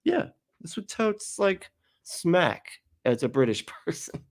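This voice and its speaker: A man's voice: on the high side, very animated, slow. A man hosting a casual reaction commentary, sarcastic and profane, often laughing. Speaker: commentary host.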